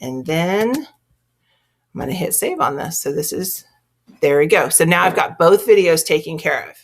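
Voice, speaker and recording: A woman's voice: low voice, expressive, measured pace. A woman with a Texas accent teaching a screen-recorded tutorial, chatting step by step through each click. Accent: Texan.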